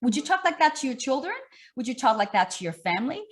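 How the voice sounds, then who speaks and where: A middle-aged woman fitness coach, talking in an animated, emphatic way with lots of repetition during an online interview. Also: sits high, quick pace.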